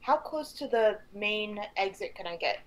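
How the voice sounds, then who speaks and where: A woman's voice: mid-range voice, animated, normal speed, rough recording. A woman playing a tabletop game, describing her character's actions with animation. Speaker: player.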